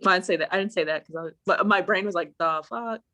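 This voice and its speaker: Rapid-fire and fairly low-pitched, a young woman guest tells a story over an online voice call in relaxed conversation. She swears a lot, stays animated, and reenacts what she said at the time.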